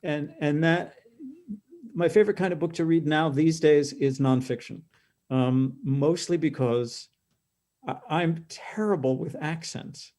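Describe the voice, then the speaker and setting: An older man, a guest actor and audiobook narrator, talking casually in a halting, self-deprecating way that trails off softly. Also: a little high. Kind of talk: casual chat.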